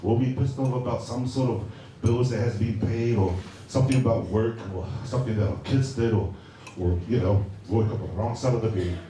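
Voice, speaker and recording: A man's voice: medium pitch, a little fast, warm tone. A middle-aged man from Samoa gives a casual, joking speech at a birthday party, hesitant and full of fillers. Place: large party hall. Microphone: handheld mic. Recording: echoey hall from far off, noisy.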